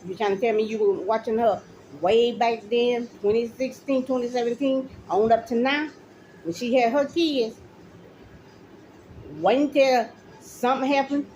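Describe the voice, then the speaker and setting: A woman's voice: on the high side, fairly even intonation, measured pace, warm tone, slight background noise, rough recording. Accusing, indignant middle-aged woman. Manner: accusing, repeats her points, addresses officials directly. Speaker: mother speaking out. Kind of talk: angry direct-to-camera rant.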